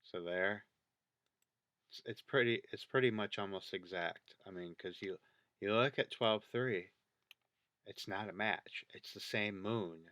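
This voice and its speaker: A man's voice: lowish voice, measured pace, fairly bright tone, dry recording. A man giving casual commentary over video clips, thinking aloud and counting things out as he points them out. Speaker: video creator.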